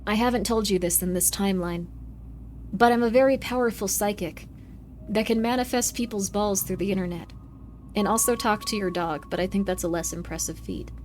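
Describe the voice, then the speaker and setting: A woman's voice: medium pitch, fairly quick, a little mellow, a little hiss or hum. A woman streaming a horror game, chatting in a goofy, rambling way with jokey asides. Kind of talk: casual game-stream commentary.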